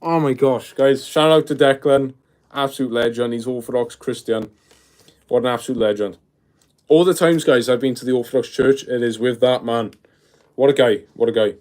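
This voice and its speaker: Young male streamer in his twenties, casual and excitable, mid-range voice. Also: medium pitch, moderate pace. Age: 20s. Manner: excitable, peppers speech with "bro", reads chat aloud. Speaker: live streamer. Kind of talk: casual live stream chat.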